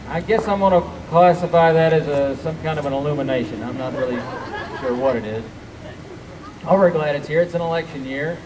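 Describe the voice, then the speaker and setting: A man's voice: fairly high pitch, brisk, a little mellow, some chatter behind. A man speaking to a gathering at an outdoor party, easygoing and musing aloud. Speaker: event speaker. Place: front porch and lawn outdoors. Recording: distant camcorder mic, noisy outdoors.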